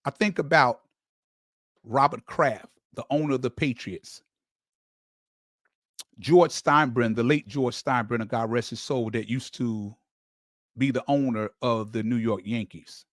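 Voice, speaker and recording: A man's voice: medium pitch, measured pace, pauses often, fairly bright tone, no room sound. Emphatic man ranting about his team, dry sound. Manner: emphatic storyteller, rising to heated emphasis; stammering restarts and repeated words. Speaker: sports channel host. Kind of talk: casual fan commentary monologue.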